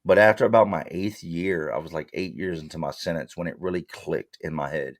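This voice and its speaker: A man with a very low voice tells his story bluntly, using street slang and replaying old exchanges in his own words. The sound is close and dry, with no room echo at all. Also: fairly quick. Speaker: interview guest. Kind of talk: candid storytelling.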